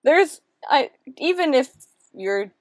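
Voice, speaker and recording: A woman's voice: high voice, animated, slow pace, dry recording. A woman with an American East Coast accent, chatting easily as a podcast guest and giggling often. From United States East Coast. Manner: giggly, easygoing. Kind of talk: casual chat.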